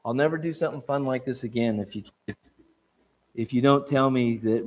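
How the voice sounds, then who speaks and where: A man giving an evening church talk, lively and conversational, often restarting and checking in with questions to the room. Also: medium pitch, brisk. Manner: animated, repeats and restarts, asks the room questions. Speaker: preacher.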